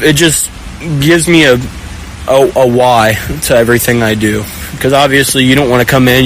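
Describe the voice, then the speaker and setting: A young man, a college quarterback, answering interview questions in an earnest, halting way, often pausing and restarting as he searches for words. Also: mid-range voice, fairly bright tone, slight background noise, low-quality recording. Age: young adult. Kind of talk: postgame sideline interview.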